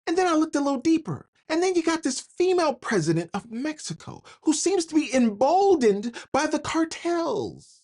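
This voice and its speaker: A woman's voice: high-pitched, very animated, moderate pace, darkish tone. A woman hosting a political commentary monologue, talking in a slangy way and laughing between phrases. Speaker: commentary channel host.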